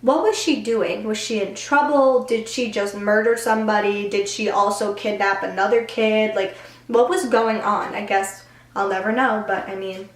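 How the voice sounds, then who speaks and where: A woman's voice: mid-range voice, steady tone, normal speed. A young adult woman telling a story in a casual storytime vlog, chatty and full of "like" fillers. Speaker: YouTuber. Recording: roomy echo.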